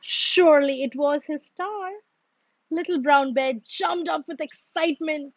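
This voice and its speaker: A woman reading a children's storybook aloud in a slow, expressive, sing-song way. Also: sits high, dry recording, dull audio.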